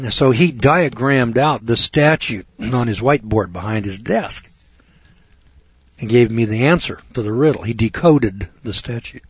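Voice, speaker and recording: A middle-aged man lectures on scripture in a folksy, sarcastic, storytelling manner. His voice is husky and sits at an ordinary pitch. The recording is dry and dull, with a lo-fi sound. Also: lively intonation, moderate pace, dry recording. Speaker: lawyer teaching scripture.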